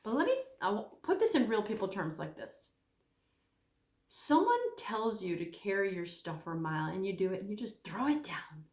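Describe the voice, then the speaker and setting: A woman giving a casual Bible teaching talk, animated, acting out the voices she quotes. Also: mid-range voice, normal speed, roomy sound.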